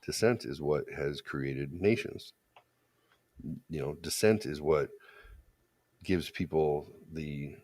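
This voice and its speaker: A very low-voiced man holds forth on a podcast. He talks casually, is blunt and crude, and often restarts his sentences as he goes. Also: darkish tone. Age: adult parent. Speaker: podcast co-host. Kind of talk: casual opinionated chat.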